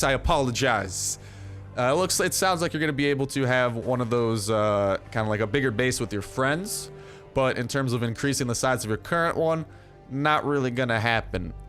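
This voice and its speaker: A man's voice: medium pitch, fairly bright tone. A young man giving casual, rambling commentary over his gameplay, full of fillers and jokes. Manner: rambling, filler-heavy, jokey. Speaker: gaming YouTuber.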